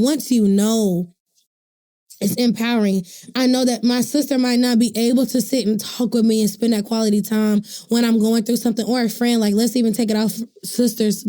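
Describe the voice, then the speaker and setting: A woman co-hosting a casual podcast chat, telling personal stories with feeling, talking straight to listeners as y'all and adding faith-filled asides. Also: fairly high pitch. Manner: animated storyteller addressing listeners as y'all. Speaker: podcast co-host.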